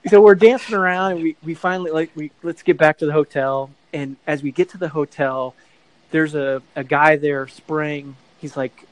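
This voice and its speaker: Speaking at a moderate pace with a slightly high, steady voice, a middle-aged man works through a lengthy story in a relaxed interview. He rambles, fixes his own words along the way, and performs the quoted voices. The audio quality is rough.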